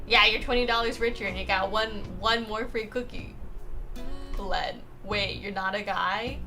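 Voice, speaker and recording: A young woman streamer reading chat aloud in a casual, playful way, laughing often and exclaiming loudly when excited. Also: mid-range voice, a little slow. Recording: music playing behind.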